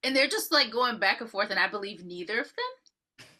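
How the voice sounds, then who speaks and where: Woman podcast co-host, bright and punchy, loose profane storyteller. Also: medium pitch, moderate pace. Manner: profane, animated storytelling, acting out characters' lines. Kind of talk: casual movie recap chat.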